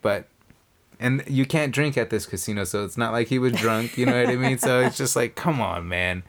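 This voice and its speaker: This podcast co-host has a mid-range voice and a moderate pace. Chatting casually, he recounts a story from a casino, acting out its characters' lines with lively energy and plenty of casual swearing.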